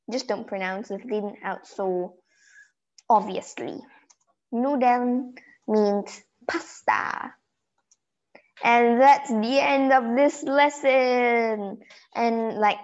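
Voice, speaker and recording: Slow-talking woman teaching vocabulary. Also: medium pitch. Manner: slow, repeating words to pronounce them. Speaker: German teacher. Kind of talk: simple vocabulary lesson. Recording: dull lo-fi recording.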